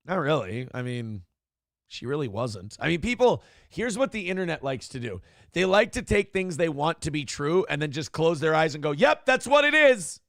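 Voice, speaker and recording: A man's voice: on the high side, animated, normal speed, gravelly, dry recording, clean studio sound. A man hosting a morning show, giving blunt, profane, ranting commentary on the news and reading out chat comments.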